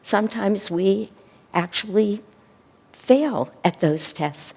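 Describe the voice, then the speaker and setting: A woman minister giving a sermon in a temple, retelling a sacred story in a gentle storytelling way. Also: mid-range voice, expressive, slow pace, husky. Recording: long hall reverb.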